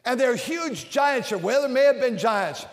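A man's voice: very high-pitched, expressive, a little slow, in a large hall. A man preaching an emphatic sermon as a Baptist preacher, leading his congregation in call-and-response. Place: large church with balcony and bleachers.

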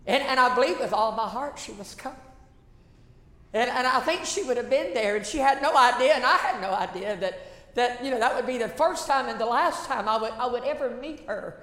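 A woman pastor delivers an emphatic sermon in a high voice, repeating key phrases and tossing questions to the congregation. Her voice rings through a roomy church sanctuary with a long, trailing echo. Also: a little fast, a bit bright. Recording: echoey church hall reverb.

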